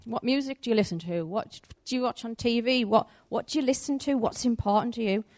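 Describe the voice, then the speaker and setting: A woman's voice: on the high side, brisk. Woman preaching a story-filled sermon. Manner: animated, conversational, acts out the story's voices.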